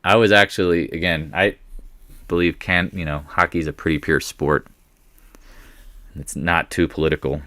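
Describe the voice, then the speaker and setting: A man hosting a live market commentary stream, chatting with viewers in a rambling way and breaking into excited outbursts when prices move. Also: deep voice, moderate pace, long pauses, no room sound. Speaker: market commentary livestream host.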